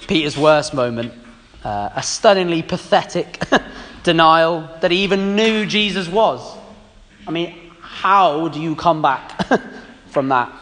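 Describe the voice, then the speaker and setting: A man's voice: fairly high pitch, fairly bright tone, in a large hall. A man giving a sermon, reading scripture passages aloud and commenting on them with rhetorical questions. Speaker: preacher.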